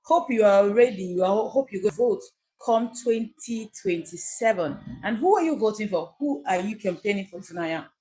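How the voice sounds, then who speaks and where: A Nigerian woman talks straight to her viewers on a live stream in a casual, chatty way. She presses her points hard and circles back to the same phrases, with a voice of middling pitch. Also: expressive, normal speed, dark tone, breathy edge. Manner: chatty, emphatic, repeats key phrases. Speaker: livestream host. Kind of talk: casual livestream commentary.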